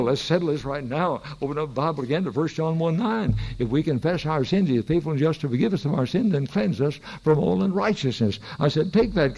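A man's voice: a little high, vocal fry, a little mellow, rough recording. An older man preaching a sermon in a church, telling folksy stories that rise into emphatic preaching. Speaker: pastor.

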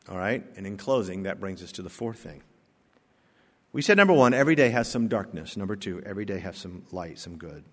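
A man's voice: on the low side, fairly bright tone. A man preaching a sermon as a pastor, reading a story aloud earnestly and rising to emphatic exclamations. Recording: long hall reverb.

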